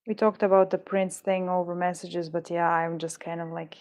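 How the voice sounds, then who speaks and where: A woman's voice: on the low side, little pitch movement, moderate pace, darkish tone. Muttering woman livestreaming her crafting. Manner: muttering, rambling and frustrated, swears. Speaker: livestreamer making beadwork. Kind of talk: casual livestream chat while crafting.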